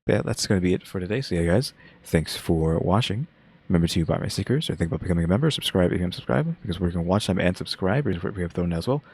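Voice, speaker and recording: A young man hosting his own channel, giving laid-back, monotone reaction commentary. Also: sits low, rapid-fire, breathy edge. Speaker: channel host reacting to a game showcase.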